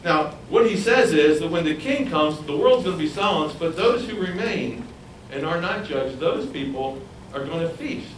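A man's voice: fairly high pitch, moderate pace, few pauses, slight background noise. A man preaching a sermon, asking his listeners questions and acting out the voices of others. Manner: animated, asks the audience questions, acts out voices. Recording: roomy, from a distance, faint ambience.

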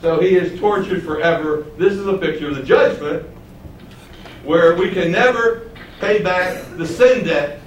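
Slow, echoey male preacher. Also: dull audio. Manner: reads verses then explains them, acting out voices in a higher pitch. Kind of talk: sermon. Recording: roomy echo, voice from a distance, faint background noise.

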